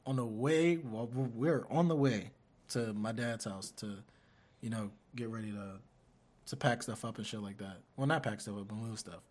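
A man's voice: fairly low pitch, moderate pace, darkish tone. A young man hosting a podcast, telling a story in casual chat. He laughs as he talks and acts out the voices of other people. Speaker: podcast co-host.

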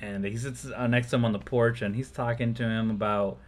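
A man's voice: medium pitch, steady tone, a little fast. A man co-hosting a podcast, casually retelling a film scene by scene and laughing often. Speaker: podcast co-host. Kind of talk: casual chat recapping a film.

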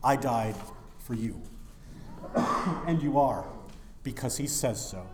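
Man, pastor, sermon, mid pitch, long church reverb, dramatic quiet-to-loud swings. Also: expressive, slow, heavy background noise. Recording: echoey church hall.

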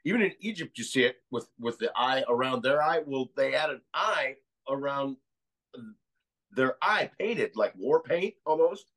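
A man's voice: mid-range voice, lively intonation, measured pace, a bit bright, rough recording. An American man as a podcast guest, talking casually and rambling through ideas with many restarts. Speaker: guest researcher.

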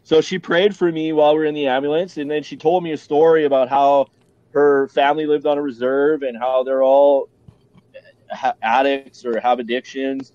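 A man's voice: medium pitch, flat delivery, normal speed, dark tone, no echo, muffled recording. A man with a Canadian accent, a podcast guest telling his story bluntly and candidly, swearing freely and restarting often.

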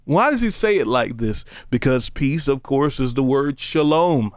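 A man preaching a casual, conversational sermon, joking between slow, emphatic scripture readings. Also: mid-range voice, lively intonation, clear, resonant tone, dry recording, clean studio sound.

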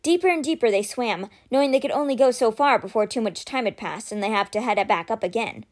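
A woman reading a children's fantasy novel aloud with expressive, dramatic storytelling. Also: fairly high pitch, fast.

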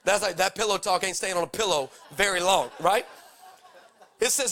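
A man's voice: high voice, fairly quick, a bit bright. A man preaching a sermon, reading scripture with dramatic, jokey energy. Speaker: pastor.

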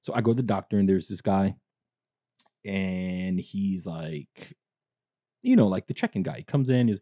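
A man co-hosting a podcast, telling stories in a crude, animated way and acting out the people he quotes. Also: sits low, normal speed, no room sound, dull audio. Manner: crude, animated storyteller who acts out quotes. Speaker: podcast co-host. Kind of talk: casual storytelling chat.

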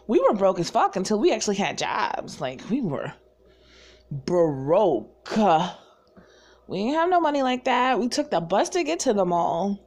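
A woman's voice: medium pitch, sing-song, unhurried, a little mellow. A woman from the Southern US with no regional accent, casually telling stories in a chatty, profane way and laughing often. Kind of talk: casual storytelling chat.

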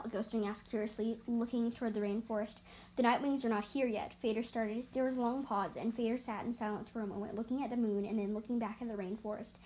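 A woman's voice: fairly high pitch, dark tone, slight background noise, rough recording. Woman reading a story with stumbles. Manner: stumbles and restarts, corrects herself aloud. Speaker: story reader. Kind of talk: reading her own fan story aloud.

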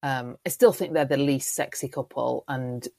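A young woman co-hosting a podcast, speaking in a measured, thoughtful way with some hesitations. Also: extremely low pitch, vocal fry, mellow, no echo. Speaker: podcast co-host. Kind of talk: casual chat.

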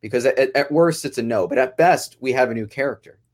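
A man's voice: medium pitch, fast. A man who writes and directs a podcast sitcom, talking casually in a rambling way, often breaking off mid-phrase and chuckling.

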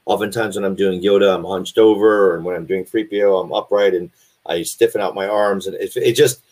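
A man's voice: low voice, steady tone, a little fast, a little mellow. A man, a voice actor, talking casually as a guest and explaining his working process thoughtfully, with many restarts. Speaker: guest voice actor and audiobook narrator. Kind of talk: casual interview chat.

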